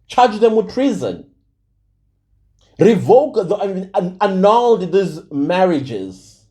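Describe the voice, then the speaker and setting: South African man, heated preachy commentary, high lively voice, mellow tone. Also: slow. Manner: heated, preachy, repeats points for emphasis. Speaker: channel host. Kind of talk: impassioned commentary to camera.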